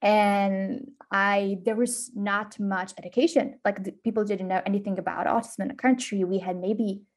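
A young woman from Slovakia talks in a relaxed interview, and her Slovak accent carries light British touches. She laughs easily and leans on fillers. Her voice sits in a middle range. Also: mid-range voice, normal speed. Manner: warm, giggly, with many fillers. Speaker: podcast guest. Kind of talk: casual interview chat.

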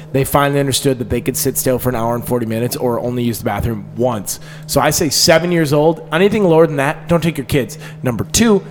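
Blunt joking man in a reverberant room. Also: a little high. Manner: blunt and joking, gives confident opinions. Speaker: podcast co-host. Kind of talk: casual chat. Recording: roomy with long reverb and faint noise.

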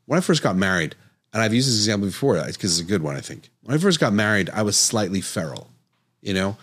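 Deep-voiced man explaining medical research. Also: a bit bright. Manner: conversational, earnest, acts out quoted dialogue. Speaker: physician podcast host. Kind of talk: casual educational monologue.

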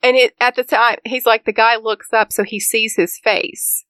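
A woman's voice: on the high side, normal speed, clear, resonant tone, no room sound. Laughing woman telling a crime story. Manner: animated storyteller, acts out quotes, laughs often. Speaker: podcast co-host. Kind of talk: casual true-crime chat.

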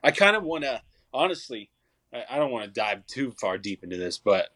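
A man's voice: medium pitch, sing-song, fairly quick, pushed and bright, dry recording. A young man, a songwriter and musician, chatting casually as an interview guest, rambling with frequent restarts and fillers.

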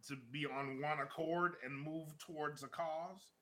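A man in his thirties, a podcast co-host, telling a story in casual chat, laughing often and acting out shouted quotes. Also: a little high, steady tone, measured pace.

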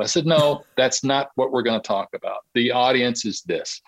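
A middle-aged man, a guest on an interview podcast, telling a story in a casual, animated way and acting out the dialogue. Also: mid-range voice, normal speed, hardly any pauses, dry recording, rough recording. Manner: animated anecdote-telling, acts out quoted dialogue. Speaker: interview guest, Olympic marketing consultant.

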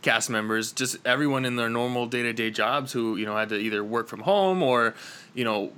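A man's voice: medium pitch, fairly quick, bright, forceful tone, clear, resonant tone. An American man hosting a casual interview podcast, speaking with many fillers and restarts over a remote call. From United States. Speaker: podcast host.

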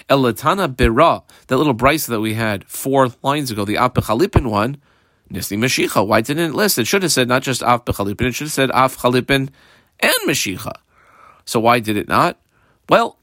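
A man's voice: mid-range voice, fairly bright tone, no room sound, clean studio sound. A man teaching a Talmud page step by step. He reads terms aloud, translates them, and calls out punctuation marks. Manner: explains step by step, mixes in Hebrew and Aramaic terms. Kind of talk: daily page Talmud lesson.

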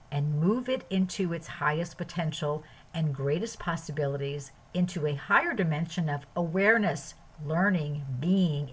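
A woman's voice: low voice, slightly rough, low-quality recording. A woman hosting a podcast, giving an earnest spiritual self-help talk that runs through long lists of phrases. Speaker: podcast host.

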